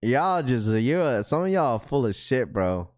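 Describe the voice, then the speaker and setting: A man's voice: medium pitch, very animated, a little slow, a little mellow. A man hosting a livestream in casual chat, reading out viewer comments in slangy talk and laughing often. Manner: slangy, keeps saying bro, reads viewer comments aloud; laughs often, loose and joking. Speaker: livestream host.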